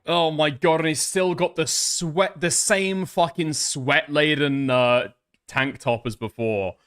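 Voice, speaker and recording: A fairly high-voiced man delivers mocking commentary over a clip. His tone is sardonic and crude, with a dry, teasing edge. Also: slow pace, a bit bright, clean tone. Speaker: commentary host.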